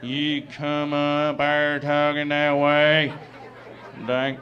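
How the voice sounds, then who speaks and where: A man's voice: fairly high pitch, monotone, very slow, highs cut off, some chatter behind. A man doing a furious drawling redneck heckler. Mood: furious ranting. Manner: shouting, drawling, stretched-out words.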